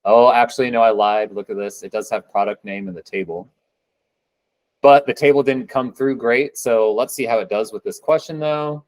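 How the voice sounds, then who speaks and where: A man's voice: mid-range voice, moderate pace, darkish tone, no echo, rough recording. A man presenting a live coding demo at a meetup, talking casually with upbeat, joking asides.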